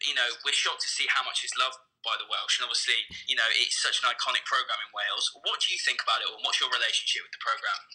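Man, very bright tone, podcast co-host, halting intros. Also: medium pitch, fairly even intonation, low-quality recording. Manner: hesitant, lots of fillers when introducing topics. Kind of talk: casual podcast chat.

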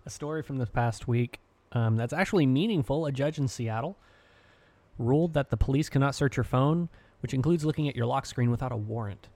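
A man hosting a casual home podcast, relaxed and halting, often restarting his sentences. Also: mid-range voice, no echo. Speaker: podcast host. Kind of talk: casual chat.

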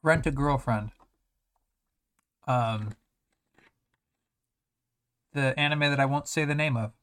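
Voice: mid-range voice, takes it slowly, fairly bright tone. An anime reviewer talking casually, rambling with many restarts and sarcastic asides.

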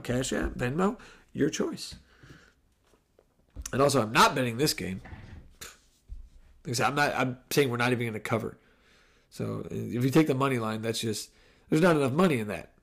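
A man's voice: medium pitch, animated, normal speed, gravelly, long pauses. A man hosting a podcast in casual Q&A, rambling, breaking off mid-sentence and laughing easily. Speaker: podcast host.

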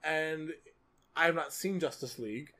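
As a podcast co-host, a man discusses movies casually and ramblingly, very animated and full of filler words. His fairly high voice is pushed and bright, at a moderate pace.

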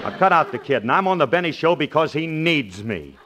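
A man's voice: on the high side, animated, fairly quick, sharp tone, dull audio. A man hosting a 1940s radio comedy, brash and folksy, trading wisecracks. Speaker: comedian and bandleader host. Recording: noisy old radio recording.

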